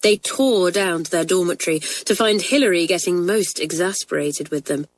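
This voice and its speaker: A woman narrating a children's storybook in a clear, even manner. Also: fairly low pitch, moderate pace, no echo. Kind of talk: storybook reading.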